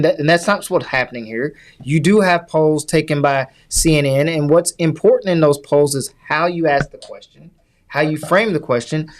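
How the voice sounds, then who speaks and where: A man co-hosting a podcast, explaining politics at length in an earnest, lecturing way during casual chat. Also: fairly high pitch. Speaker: podcast co-host.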